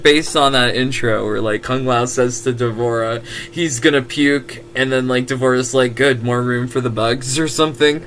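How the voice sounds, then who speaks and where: A man's voice: mid-range voice, bright, forceful tone, slight background noise. A giggly man who laughs often, reading fan fiction aloud with casual comedic comments.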